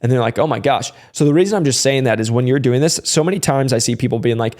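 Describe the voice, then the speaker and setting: Man, young adult, sales trainer, casual advice monologue, energetic, conversational, mid-range pitch. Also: fast. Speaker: sales trainer and channel host.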